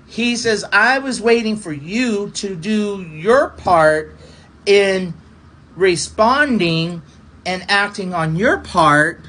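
A man, a pastor, telling a personal testimony in a halting, repetitive way, circling back over the same phrases. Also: high voice, a bit bright, poor audio.

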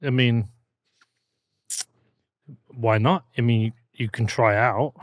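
A man's voice: mid-range voice, fairly even intonation, slow, no room sound, muffled recording. Blunt, dry Englishman with an English accent. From England. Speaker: interview guest. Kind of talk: comedic interview banter.

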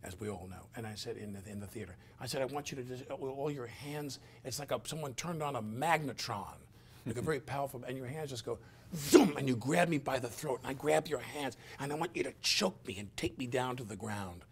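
A man's voice: mid-range voice, a little fast. A middle-aged male host in conversation, telling stories in a rambling way with many fillers and acting out scenes.

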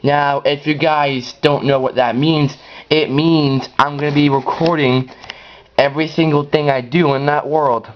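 A man giving rambling, excitable gameplay commentary as host of his own channel, now and then breaking into high yells. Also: unhurried, slight background noise. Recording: dull lo-fi recording.

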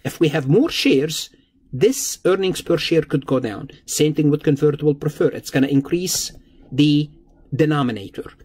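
A man's voice: fairly high pitch, normal speed, a little mellow, breathy edge. A man lecturing on accounting in a recorded lesson, explaining patiently and repeating key points with everyday examples.

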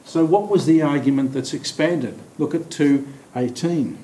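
A man leading a Bible study. He explains scripture with many pauses and restarts, and slows down to stress key words. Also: warm tone. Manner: thoughtful, halting, with many fillers and restarts. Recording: echoey room with faint rumble.

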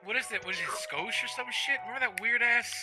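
A man bantering crudely with friends in a voice chat, joking and breaking into loud exclamations, with music behind. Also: very high voice, fast talker.

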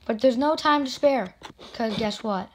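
A woman hockey video creator giving excited spin-the-wheel commentary with indignant outbursts. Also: a little high, measured pace, background noise.

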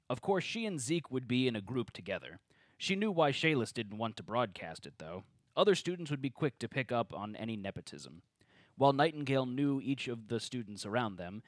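A man's voice: mid-range voice, dry recording. A man reading the narration at a tabletop game table read and joking with the other players.

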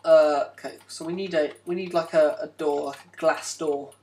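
A man's voice: on the high side, fairly even intonation, normal speed, darkish tone. A man hosting a casual gameplay video, rambling and joking with frequent self-interruptions. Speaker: game video host.

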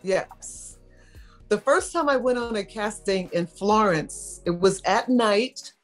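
A woman's voice: medium pitch, takes it slowly, faint music behind. A middle-aged woman from New York, a model telling stories in a casual interview and acting out the voices she quotes. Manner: animated storyteller, acts out quoted voices.

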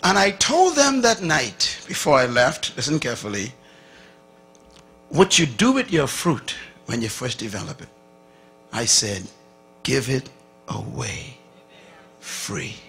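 A man preaching a sermon, telling a story with lively acted-out dialogue and sudden drops from loud to hushed. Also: medium pitch, a little slow, a little hiss or hum. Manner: animated, acts out dialogue, swings from loud to hushed.

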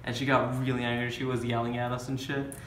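A young man tells a school story to his friends from some distance away from the mic. The room echoes and there is clear background noise. His talk is loose and casual. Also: medium pitch, flat delivery, fast talker, fairly bright tone. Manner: casual, laughing, uses "like".

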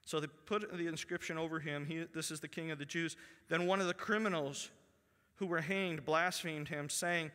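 A man preaching in a church, his bright, ringing voice sitting a little high for a man. He reads scripture aloud and sinks to near-whispers to stress a point. Long reverb from the hall trails every phrase. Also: steady tone, normal speed. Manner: reads scripture aloud, dropping to a hushed voice for emphasis. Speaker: pastor. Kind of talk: sermon. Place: church sanctuary.

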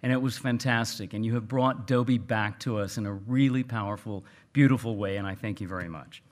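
A man from South Texas, speaking earnestly to an audience at a book event, halting and full of fillers. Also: lowish voice, a little hiss or hum. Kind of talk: casual remarks to an audience.

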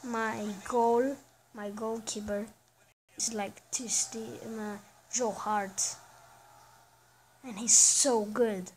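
A woman's voice: a little high, steady tone, slow, long pauses, a little mellow, a little hiss or hum, poor audio. A woman giving casual commentary over a soccer video game, chatting and reacting aloud to each play. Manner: chatty, reacts aloud to plays, often trails off. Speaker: gaming channel host.

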